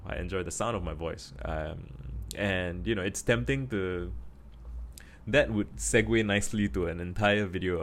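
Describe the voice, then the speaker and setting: Singaporean guy, really low voice, talks slow on purpose, thinks out loud with lots of ums, faint hum behind. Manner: practicing a slow, deep, chest voice; thoughtful, many fillers and restarts. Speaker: vlogger. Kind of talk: casual reflective monologue.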